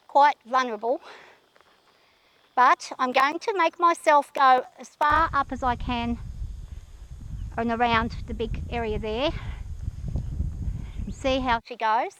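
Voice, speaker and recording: A woman with a high voice talks while riding outdoors. She is shaky and anxious and keeps talking herself through her nerves. She speaks gently to calm her horse. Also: slow, pauses often, clean tone. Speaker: horse rider vlogger.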